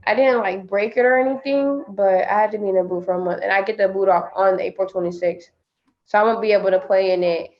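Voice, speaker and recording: A young woman athlete joking around in a casual video-call interview. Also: medium pitch. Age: young adult. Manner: playful and joking, quick laughs. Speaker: basketball player guest. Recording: dull video-call audio.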